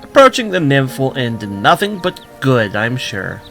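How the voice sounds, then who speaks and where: Let's-play host, male, tired, dry jokes, bright animated voice. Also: mid-range voice, normal speed, creaky, soft background music. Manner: tired, joking asides. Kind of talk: video game commentary.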